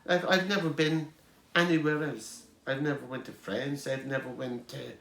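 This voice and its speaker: A man's voice: mid-range voice, fairly even intonation, normal speed, gravelly, a bit bright, roomy sound. A middle-aged Irish man telling rambling family anecdotes as an interviewee, chuckling as he goes. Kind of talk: storytelling.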